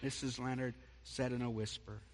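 A man preaching a sermon, dramatic, moving from quiet reading to loud proclamation. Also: medium pitch, level tone, moderate pace. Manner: dramatic, swings from soft to loud. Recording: long hall reverb.

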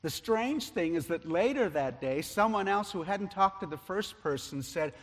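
Pastor guy preaching, bit higher voice, tells stories with lots of ups and downs in loudness, big echoey church. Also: normal speed. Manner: animated storyteller, loudness rising and falling with the story. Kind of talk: sermon storytelling. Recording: long reverb of a large hall.

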